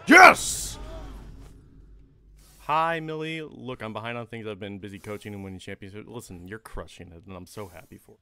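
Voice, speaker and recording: Excitable male game streamer, bright voice. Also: lowish voice, fast, few pauses. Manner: excitable, chats with viewers, bursts into shouts. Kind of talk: live gameplay commentary.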